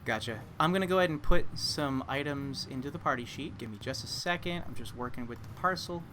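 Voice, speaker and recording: A man's voice: medium pitch, fairly quick, noisy background. A man narrating a tabletop game as game master, describing scenes with many fillers and restarts.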